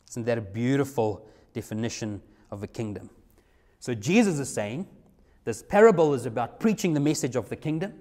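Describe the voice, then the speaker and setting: A man preaching a sermon, emphatic, slowing down to stress key words. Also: mid-range voice, mellow.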